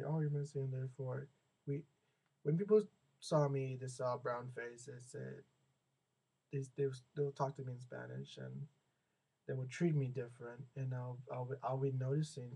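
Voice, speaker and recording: A young man from the States talks through a loose, rambling vlog rant. His voice is gravelly and mellow, with plenty of fry. He keeps repeating and restarting words and acts out the people he quotes. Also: mid-range voice, rough recording. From United States. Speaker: vlogger. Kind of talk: casual venting monologue.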